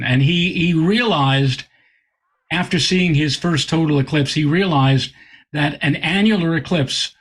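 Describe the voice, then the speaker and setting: Astronomer guest, male, husky slightly high voice, animated storyteller. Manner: animated, repeats words while telling a story. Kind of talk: anecdotal storytelling in interview.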